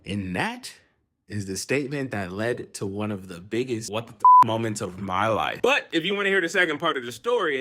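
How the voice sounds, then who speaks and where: A young adult man casually telling a story to camera, slangy and animated, now and then dropping into a hush. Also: mid-range voice, a little hiss or hum. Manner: animated, slangy, dips into hushed whispers.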